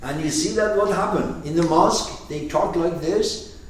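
A man's voice: high-pitched, normal speed. A man teaching a class on a poetic text, speaking emphatically and asking his students questions. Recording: echoey room, distant mic, faint noise.

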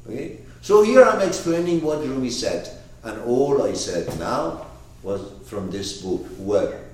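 A man teaching a lecture on a classic poet's book, emphatic and animated, often restarting and repeating words. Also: mid-range voice, measured pace, slight background noise. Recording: echoey room from far off.

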